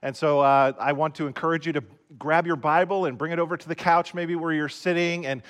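A man's voice: fairly high pitch, steady tone, a little fast, a bit bright. A man preaching a casual, conversational sermon to viewers at home, often repeating words as he restarts. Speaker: pastor. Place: recorded for online viewers at home.

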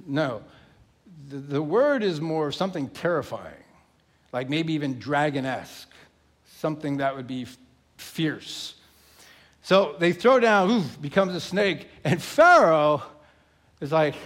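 A male pastor preaching a sermon, emphatic and animated, acting out the story as he goes. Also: on the high side, a little slow, pauses often.

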